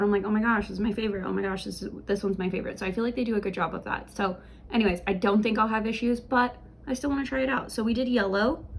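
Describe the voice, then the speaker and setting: A woman's voice: medium pitch, slight background noise. A young woman from the United States in casual makeup tutorial chat, rambling and chatty with fillers, talking at home in her beauty room. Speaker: beauty vlogger.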